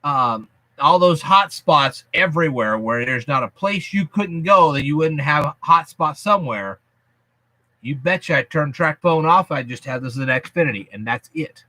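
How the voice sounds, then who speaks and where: A man's voice: fairly high pitch, lively intonation, normal speed, bright, forceful tone, dry recording. A man hosting a casual vlog, explaining things to his viewers in a folksy, chatty, emphatic way. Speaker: YouTube channel host.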